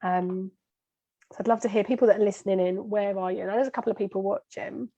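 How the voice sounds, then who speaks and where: A woman's voice: mid-range voice, fairly even intonation, fast, dark tone, highs cut off. A chatty woman with a slight Kent accent, a guest on a live video-call interview, talking straight to her viewers. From Kent, England. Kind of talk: casual live-stream chat.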